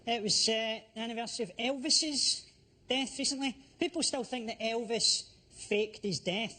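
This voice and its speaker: A man delivering crude, deadpan stand-up one-liners. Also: very high-pitched, moderate pace. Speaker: comedian. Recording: loud audience noise behind.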